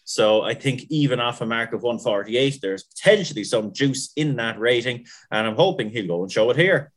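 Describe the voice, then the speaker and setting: A man's voice: medium pitch, animated, normal speed. A man giving laid-back racing tips on a podcast. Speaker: racing pundit. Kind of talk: casual racing analysis.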